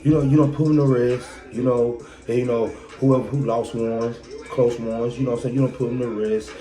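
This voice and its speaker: Over loud music in an echoey room, a man hosts a podcast with a blunt, profane motivational rant built on rhetorical questions. His mid-range voice holds a level tone, and he speaks fairly quickly.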